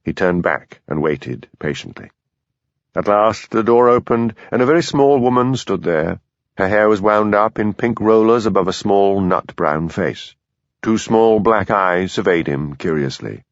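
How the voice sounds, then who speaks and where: A male audiobook narrator reading in a measured, even way. His voice sits on the low side. The recording is dry and slightly lo-fi. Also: dry recording. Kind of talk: scripted narration.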